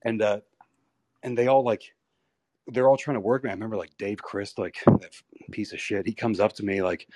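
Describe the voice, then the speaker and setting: Low-voiced man telling rambling wrestling stories. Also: moderate pace, no room sound. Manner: rambling, profane, animated retellings. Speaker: pro wrestler guest. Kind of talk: candid storytelling interview.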